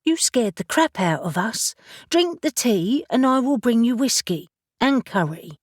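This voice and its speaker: A woman's voice: fairly high pitch, very animated, unhurried, no echo, clean studio sound, voice pushed up. A woman reading the part of a firm, no-nonsense young woman in an audiobook. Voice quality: firm, blunt.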